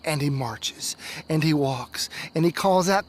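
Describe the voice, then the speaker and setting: At home at night, a man who coordinates religious education reads a children's story aloud. His fairly high voice is unhurried and expressive, now and then dropping into soft whispers.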